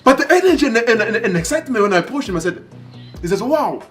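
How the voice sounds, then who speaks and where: A man from Africa, telling a motivational story in an animated way, acting out dialogue and repeating phrases for emphasis. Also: extremely high pitch, rapid-fire, faint music behind. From South Africa. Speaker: motivational speaker.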